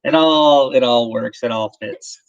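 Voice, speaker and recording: A man's voice: medium pitch, a little slow, no room sound, highs cut off. Rambling man hosting a live stream. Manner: rambling, emotional, laughs often, many restarts. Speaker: host of a whiskey channel live stream. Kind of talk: casual live-stream chat.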